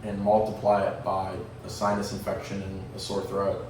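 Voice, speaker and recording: Male host, lowish voice, rambling and provocative, roomy echo with a faint background hum. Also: monotone, normal speed, darkish tone. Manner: rambling, provocative, laughs at himself. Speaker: podcast host. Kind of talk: casual podcast chat. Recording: echoey room, mic at a distance.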